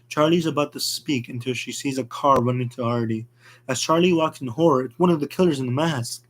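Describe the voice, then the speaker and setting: A man narrating a fan horror story in a plain, rushed reading with slips. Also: medium pitch.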